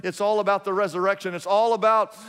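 A man's voice: high-pitched, fairly even intonation, fast talker, a bit bright, clear, resonant tone, in a large hall. A man preaching a sermon, telling a story emphatically with lots of repetition.

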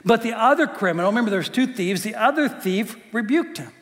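A man's voice: sits high, lively intonation, brisk. A male pastor preaching a sermon in a conversational, joking way, often repeating his words. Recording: long hall reverb.

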